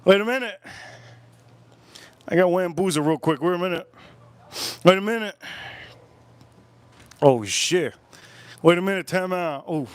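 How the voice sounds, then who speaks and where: Guy rambling on his livestream, says everything twice, crude jokes, kinda high voice, dry sound. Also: animated, a little slow, pauses often, clean tone, no echo. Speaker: livestream host. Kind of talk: casual livestream chat while drinking.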